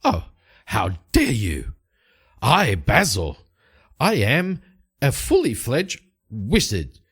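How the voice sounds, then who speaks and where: A man's voice: medium pitch, wildly swooping pitch, slow, fairly bright tone, breathy edge, heavily acted. A man voicing a nervous but boastful male elf mage who stammers and then turns grandiose.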